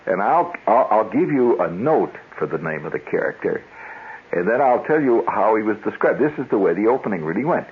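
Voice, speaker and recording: Husky, lively-voiced male radio host. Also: fairly low pitch, brisk. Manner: wry, storytelling, self-interrupting. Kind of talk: rambling monologue. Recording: dull lo-fi 1970s radio broadcast.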